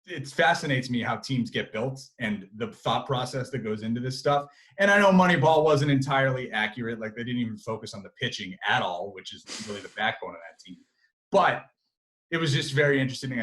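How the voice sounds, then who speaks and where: A young man, a sports reporter, chatting as an interview guest, animated and full of fillers and restarts. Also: medium pitch, fairly quick, poor audio. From Massachusetts. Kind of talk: casual interview chat.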